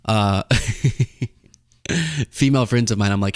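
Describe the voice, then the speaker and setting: Young guy host riffing on a goofy movie idea, smooth clear voice, dry close mic, super jumpy pitch. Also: unhurried, dry recording. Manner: rambling, improvising a comedy bit. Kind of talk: casual political commentary.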